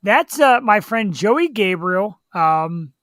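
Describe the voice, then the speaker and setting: A man's voice: sits high, slow, dry recording. A man hosting a talk show, telling stories and acting out tough-guy voices. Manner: animated storyteller who acts out tough-guy voices. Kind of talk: casual chat, storytelling.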